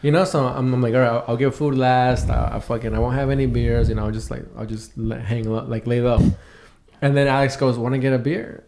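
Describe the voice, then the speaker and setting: A man's voice: medium pitch, steady tone, a little fast, creaky, heavy background noise. Rambling, swearing young man telling stories. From California. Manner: rambling, swears a lot, laughs through stories. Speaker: podcast co-host. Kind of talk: casual storytelling chat.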